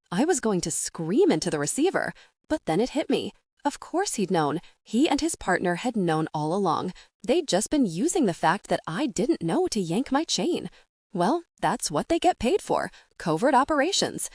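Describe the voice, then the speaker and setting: A woman's voice: fairly low pitch, sing-song, moderate pace, dry recording, studio quality. A woman narrating a first-person audiobook in a wry, conversational way.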